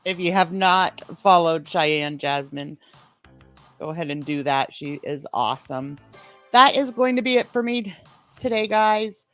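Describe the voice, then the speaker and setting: A woman's voice: lowish voice, lively intonation, measured pace, dry recording, faint music behind. A woman hosting a livestream, chatting casually and enthusiastically about other creators. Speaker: livestream host.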